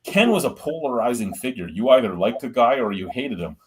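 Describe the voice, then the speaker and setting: A man's voice: mid-range voice, very animated, a little fast, slight background noise. A middle-aged man with an ordinary mid-range voice hosts a beer review show. He rambles through stories bluntly, swearing freely and sounding unfiltered. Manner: blunt, profane, rambling storyteller. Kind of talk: casual storytelling chat.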